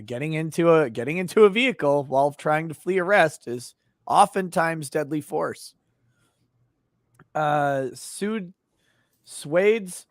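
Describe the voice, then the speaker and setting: A middle-aged man hosts a live stream in a slightly high voice that sounds dry and close to the mic. He reads viewer comments aloud, jokes with his guests and laughs easily. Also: no room sound. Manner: joking, laughs often, reads chat aloud. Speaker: livestream host. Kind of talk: casual live commentary, reading chat.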